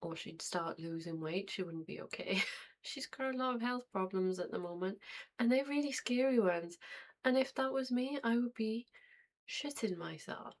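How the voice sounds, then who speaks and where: A woman hosting a reaction video, commenting on clips in an unhurried, dry way and thinking aloud. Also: mid-range voice, lively intonation. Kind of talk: casual commentary over clips.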